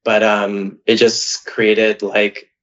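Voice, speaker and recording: A man's voice: on the low side, completely flat delivery, very slow, fairly bright tone. A man from Canada talking openly about his life in a podcast, telling a personal story in a chatty, emotional way with lots of "like". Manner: chatty, heavy use of "like", emotional and open. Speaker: podcast guest. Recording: dull, lo-fi audio.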